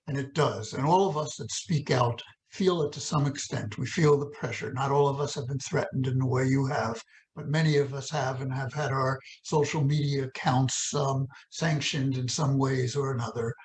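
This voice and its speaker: Male webinar host, earnest, agreeable, mid-pitched speaking voice. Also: fairly even intonation, normal speed, a little hiss or hum, rough recording. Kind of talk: webinar discussion.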